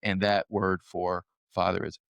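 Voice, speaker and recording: A man's voice: deep voice, level tone, measured pace, gravelly, a bit bright, clear, resonant tone, dry recording. A young man co-hosting a conversational Bible study podcast, speaking in an earnest, thoughtful way and laughing easily. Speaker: podcast co-host.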